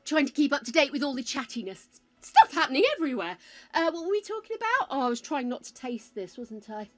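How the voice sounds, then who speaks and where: A woman's voice: high-pitched, sing-song, quick pace. An older British woman streaming a game, chatting casually with her viewers, calling them darling and swearing freely. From United Kingdom. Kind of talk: casual live-stream chat.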